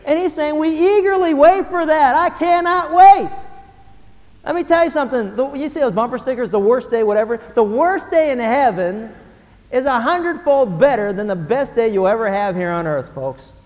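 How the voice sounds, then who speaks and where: A pastor preaches with a high, light male voice that rises from hushed lines to shouted peaks. His sermon carries long reverb from a large hall, like a church sanctuary. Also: lively intonation, brisk.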